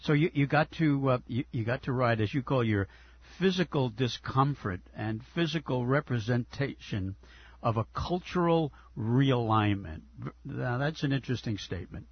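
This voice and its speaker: Male radio host, husky voice, stumbles over his questions, kinda dull sound. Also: mid-range voice, animated. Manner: halting, repeats words as he asks questions. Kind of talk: radio interview.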